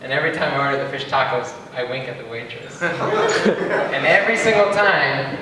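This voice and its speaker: A young man doing a stand-up comedy set, deadpan and chuckling at his own jokes. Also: medium pitch, moderate pace, very noisy. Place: open-mic stage in a hall. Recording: echoey hall recorded from far off.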